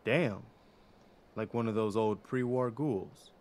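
An actor playing an earnest, dutiful male militia leader in a video game, speaking in a steady, sincere way. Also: fairly low pitch, slow. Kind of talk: game character dialogue.

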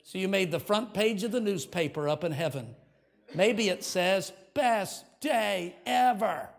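Older male pastor giving an altar call. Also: high voice. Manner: earnest, leads prayer, coaxing invitation. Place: church sanctuary.

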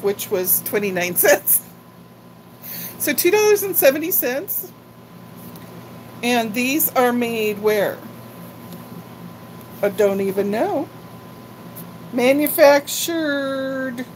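A woman's voice: medium pitch, darkish tone, a little hiss or hum, low-quality recording. An older woman chatting casually and rambling on a live-stream haul video, talking like a grandmother. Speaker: vlogger.

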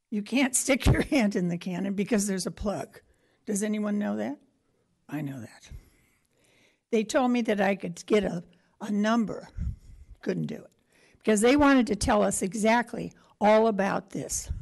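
A woman speaks at a city council chamber podium in a chatty, rambling way, tumbling from one story to the next. Her voice sits at an everyday middle pitch. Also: vocal fry, darkish tone. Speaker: historical association member. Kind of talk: public comment at a city meeting.

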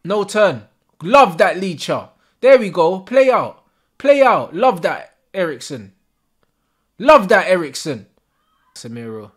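Heated young football fan, lively pitch. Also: male voice, slow pace, long pauses, husky. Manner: heated, swearing, slangy, yelling at the referee. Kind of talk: live watch-along commentary.

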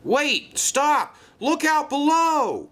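A man voicing an excitable, bossy male crane who shouts warnings. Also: mid-range voice, measured pace. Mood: urgent. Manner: shouting, eager.

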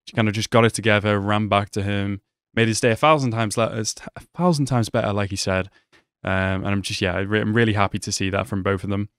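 A young man giving casual, excitable commentary as he reacts to an anime episode, talking back at the screen. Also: lowish voice, brisk, hardly any pauses, clear, resonant tone, dry recording, studio quality.

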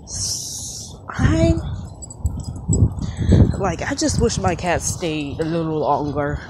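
A woman's voice: deep voice, very animated, slow pace, background noise. A woman talking to a phone camera while walking outdoors on a cold residential street. She rambles sadly and keeps calling out to her dog. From Texas. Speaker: vlogger. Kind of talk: casual vlog, walking and talking.

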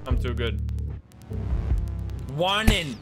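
A man's voice: medium pitch, sing-song, very slow, over music. A man casually commentating a video game livestream, self-mocking and swearing often. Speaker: streamer playing a video game.

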